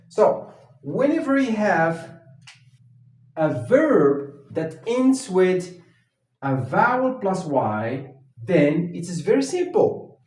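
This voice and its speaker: A man teaching an English grammar lesson at a whiteboard, talking slowly and haltingly, with many fillers and restarts. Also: on the high side, a little mellow, recorded from a distance. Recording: echoey room, voice from off the mic.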